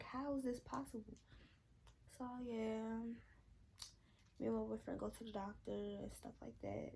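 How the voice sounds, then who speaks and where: A woman's voice: fairly high pitch, creaky, rough recording. A young woman telling a casual storytime vlog, candid and rambling with slang and swearing, sounding out of breath. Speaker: vlogger.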